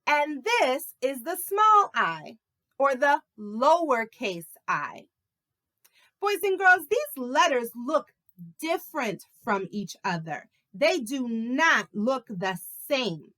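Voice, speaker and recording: A woman teaches a lesson to preschoolers, drawing out her words at an unhurried pace. Her voice is bright and a little high, and it swoops up and down in an exaggerated, encouraging sing-song. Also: big pitch swings. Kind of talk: teaching a video lesson to young children.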